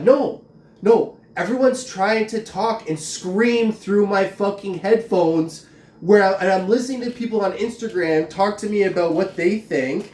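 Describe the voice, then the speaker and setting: A vlogger delivers a profane, agitated, rambling rant stuffed with "like." His voice is high with a darkish tone and a measured pace, recorded in a roomy space far from the mic with faint ambience.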